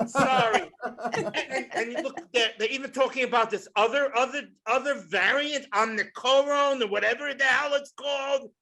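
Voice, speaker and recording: A man in his sixties doing a stand-up comedy set in a club, with a loud, punchy delivery, swearing and shouting his punchlines. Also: extremely high pitch, normal speed. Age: 60s.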